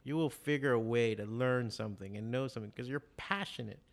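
Profane, animated man in casual chat. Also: mid-range voice, a little fast, creaky. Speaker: comic artist and shop owner.

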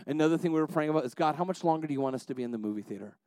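A man's voice: fairly high pitch, animated, racing, no echo. A man preaching a sermon as a pastor, telling family stories with many restarts and building to passionate exhortations. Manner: storytelling, many restarts, swings between soft asides and rising exhortation.

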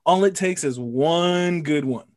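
A man's voice: a little high, a little slow, a little mellow. A man co-hosting a casual podcast, throwing in sarcastic, crude quips. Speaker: podcast co-host. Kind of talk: casual chat.

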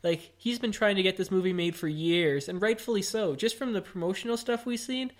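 A man's voice: high voice, a little fast. A man co-hosting a casual podcast, enthusiastic and jokey. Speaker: podcast co-host. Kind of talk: casual chat.

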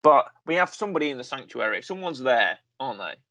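A man co-hosting a podcast, chatting casually in a rambling way, stopping to correct himself and filling gaps with ums and uhs. His mid-pitched voice sits close to a podcast mic in a dry, dead-sounding room. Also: very animated, fast, sharp tone, dry recording, lo-fi sound. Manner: rambling, self-correcting, full of fillers. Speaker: podcast co-host. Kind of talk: casual chat reviewing a series.

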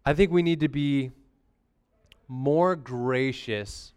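A man's voice: mid-range voice, slow, darkish tone, clean tone. A young adult man giving a casual, conversational sermon as a pastor, using slang and frequent "amen?" asides.

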